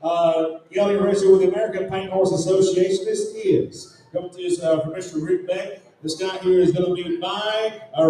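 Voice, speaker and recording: High-voiced male horse sale announcer. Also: darkish tone. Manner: folksy salesman pitch. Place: large indoor sale arena. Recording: echoey arena from far off.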